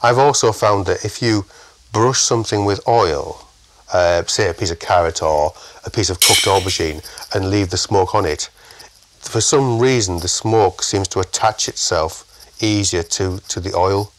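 A man with a northern English accent chats on a podcast in a lowish voice. He explains cooking tricks in a relaxed way and laughs easily. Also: measured pace. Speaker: chef guest. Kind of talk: casual podcast chat.

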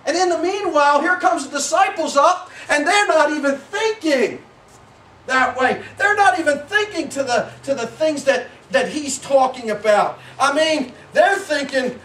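A man preaching a sermon as pastor, in a folksy, animated way that breaks into shouts. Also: extremely high pitch, normal speed. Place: church sanctuary. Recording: echoey church from a distance.

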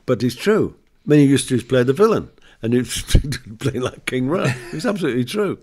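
A man's voice: medium pitch, big pitch swings, normal speed, darkish tone. An older man, a comedian guest, chatting in an interview and telling anecdotes and jokes with frequent laughs. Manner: chatty storyteller, laughs often, acts out jokes.

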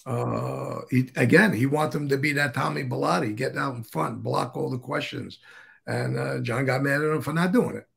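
Gravelly-voiced man telling stories. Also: mid-range voice, normal speed. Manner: rambling, swears freely, restarts mid-sentence. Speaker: guest. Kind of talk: casual storytelling interview.

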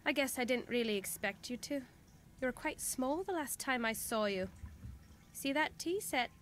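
A woman's voice: high-pitched, animated, moderate pace. An actress voicing a dry, teasing older female former newspaper writer in a mystery game. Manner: dry, teasing, then urgent.

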